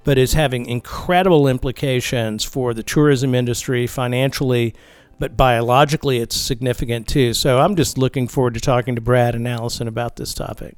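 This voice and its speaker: Man co-hosting a podcast, relaxed. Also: mid-range voice, brisk, clean tone, no echo. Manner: relaxed, with restarts and fillers. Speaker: podcast co-host. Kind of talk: casual podcast chat.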